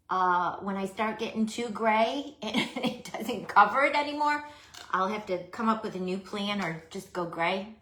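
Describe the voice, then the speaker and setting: A woman's voice: mid-range voice, sharp tone, roomy sound, slight background noise. A middle-aged woman hosting a casual craft livestream, chatting to viewers by name and laughing at herself.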